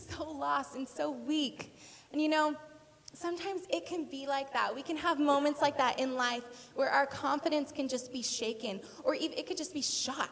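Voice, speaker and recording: A woman's voice: high voice, moderate pace. A woman in her thirties giving a sermon, telling a personal story in a chatty, self-deprecating way. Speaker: speaker at church. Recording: hall reverb.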